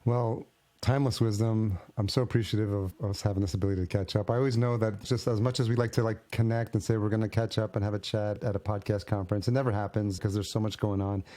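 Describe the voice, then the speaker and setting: Low, mellow-voiced male podcast host. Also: little pitch movement, fast. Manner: warm, rambling, appreciative questions. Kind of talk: casual interview.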